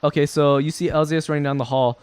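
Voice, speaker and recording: A man's voice: a little high, fairly even intonation, fast, darkish tone, clean tone. A man narrating a tabletop game as game master, explaining rules and describing scenes with frequent ums.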